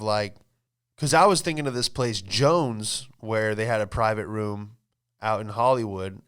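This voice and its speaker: A man's voice: fairly low pitch, a bit bright, clean tone. A man hosting his own podcast, telling a rambling, profane, exasperated story with frequent laughs. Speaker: podcast host and comedian. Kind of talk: casual storytelling monologue.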